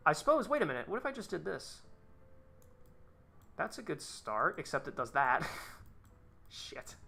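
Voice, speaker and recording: A man's voice: on the high side, pushed and bright. A man live-streaming as he designs a tank, talking casually to his chat with frequent swearing, exasperated outbursts and rambling asides.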